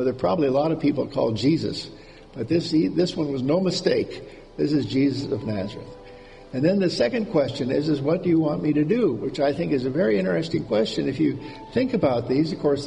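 Male preacher, fairly high, gravelly voice, informal sermon delivery with repeated words, echoing hall, faint noise. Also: warm tone. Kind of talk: conversational sermon.

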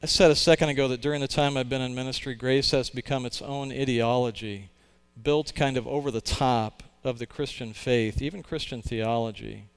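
A man preaching a sermon, earnest and emphatic. His voice is smooth and resonant. His pitch sits in the middle of a man's range. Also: fairly even intonation, moderate pace, few pauses. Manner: earnest, emphatic, with occasional restarts. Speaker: pastor.

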